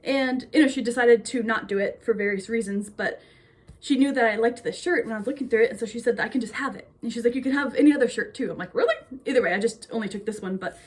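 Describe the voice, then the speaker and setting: Young woman from minnesota rambling to her phone, kinda high voice, a little breathy, super chatty. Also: fast talker. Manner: chatty, bubbly, rambling with many fillers. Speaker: vlogger. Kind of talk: casual chat.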